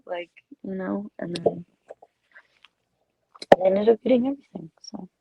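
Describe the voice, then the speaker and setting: A woman's voice: medium pitch, a little slow, creaky, pauses often, breathy edge, narrow, tinny audio. A woman guest on a podcast who talks casually and fills her speech with "like". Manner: chatty, lots of filler 'like'. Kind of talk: casual chat.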